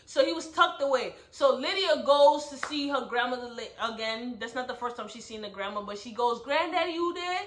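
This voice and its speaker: A high, bright-voiced woman gives a casual recap of a book. She tells the story with animation and keeps checking in with listeners. The room sounds echoey. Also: brisk, few pauses, a little hiss or hum. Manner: animated storyteller, asks "right?" often. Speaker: book club host. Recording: roomy echo.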